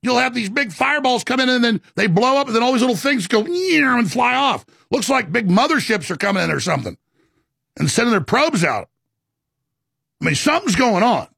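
A man with a high, gravelly voice rants at full tilt, stumbling over repeated words as he pushes on. His husky tone sits close and dry, with no room around it. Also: very animated, bright, forceful tone, no echo. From Texas. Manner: ranting, rapid and repetitive. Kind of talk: impassioned monologue.

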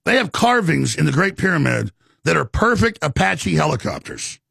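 A man's voice: a little high, very animated, moderate pace, creaky, sharp tone, breathy edge, no room sound, studio quality. A man hosting a talk show, delivering an impassioned, rambling monologue with emphatic stresses and many stammered restarts.

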